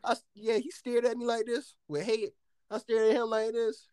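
A young man from the United States telling a story in casual chat, animated and profane, often laughing. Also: very high-pitched, moderate pace, smooth, no room sound, clean studio sound.

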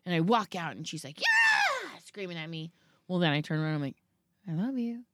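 A woman's voice: sits low, fast, heavy background noise. A woman in her thirties chatting casually as a podcast co-host, telling stories and acting out the lines she quotes. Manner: animated storyteller, acts out quotes. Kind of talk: casual chat.

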